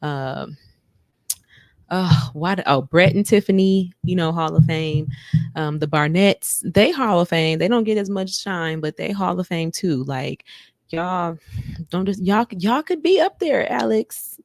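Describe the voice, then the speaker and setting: A woman hosting a podcast, recapping a show in a chatty, animated way. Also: fairly low pitch, measured pace, dry recording, studio quality. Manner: chatty, animated, breaks into sung bits and mock quotes. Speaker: podcast host. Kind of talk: casual recap chat.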